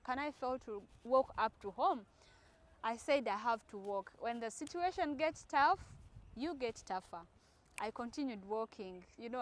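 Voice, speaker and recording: A young woman from Uganda telling a personal story to her viewers in an animated storytime vlog, talking straight to them. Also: a little high. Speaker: vlogger.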